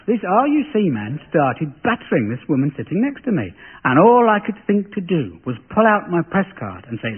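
A man's voice: high-pitched, sing-song, normal speed, slightly rough. An English man hosting a comedy panel show, delivering a satirical monologue in a dry, sardonic way. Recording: lo-fi phone-like radio broadcast.

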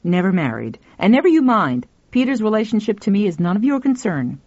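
A stern, querulous older spinster, put on by a woman reading aloud. Her talk is clipped and animated, in a dry, slightly muffled reading. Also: medium pitch, normal speed, no echo. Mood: prickly. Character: thin graying older spinster, stern, prickly.

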